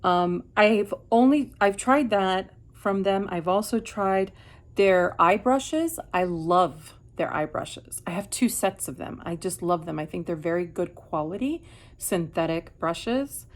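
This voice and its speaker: A woman's voice: on the low side, lively intonation, unhurried. A middle-aged woman from Miami chatting while doing her makeup, reflective and rambling with many restarts. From Miami, USA. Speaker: beauty vlogger. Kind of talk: chatty get-ready-with-me vlog.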